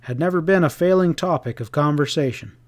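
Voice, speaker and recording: A man reading a classic western audiobook aloud, steady and measured. His voice sits somewhat high for a man. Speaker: audiobook narrator. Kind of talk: scripted narration.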